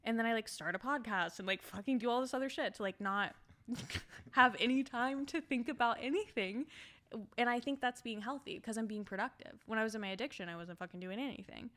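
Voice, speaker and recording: A woman's voice: on the high side, a little fast, fairly bright tone. A woman hosting a podcast, talking casually and frankly about herself, self-deprecating and swearing freely. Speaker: podcast host. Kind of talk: casual candid chat.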